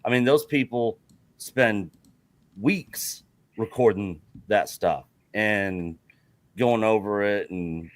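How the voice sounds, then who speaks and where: A man's voice: fairly low pitch, takes it slowly. A man co-hosting a casual livestream chat, rambling and filler-heavy. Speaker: co-host.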